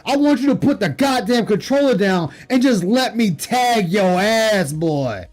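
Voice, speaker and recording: A man streaming late at night, ranting with heavy profanity and scorn, breaking into shouts. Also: high-pitched, lively intonation, measured pace, faint music behind. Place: home streaming setup.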